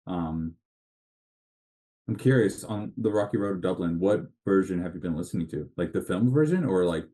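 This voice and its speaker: A man co-hosting a casual podcast chat, telling animated stories and laughing at them. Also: low-pitched, moderate pace. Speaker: podcast co-host.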